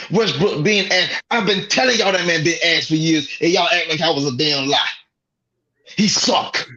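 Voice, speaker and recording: A man's voice: a little high, sharp tone, lo-fi sound. A man co-hosting a sports talk show, ranting in an exasperated, profane way. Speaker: podcast co-host. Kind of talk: heated sports rant.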